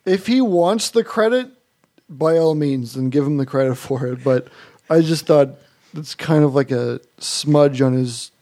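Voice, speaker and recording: Sardonic man with a mellow voice. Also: on the high side, measured pace. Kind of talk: casual chat.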